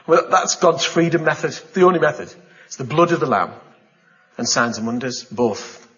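A man preaching a sermon, telling a story with gasps, exclamations and lively asides. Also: a little high, normal speed, lo-fi sound. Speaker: pastor.

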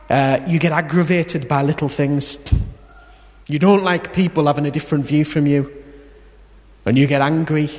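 A man preaching a sermon, telling a story and swinging between loud emphasis and quiet, intimate moments. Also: a little high. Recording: long hall reverb.

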